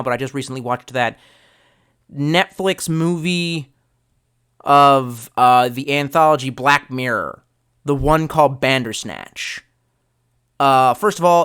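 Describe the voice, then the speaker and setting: A man's voice: mid-range voice, fairly bright tone, clean tone. A young man streaming live, chatting loosely and swearing a lot, trailing off and restarting as he reads chat. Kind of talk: rambling casual stream chat.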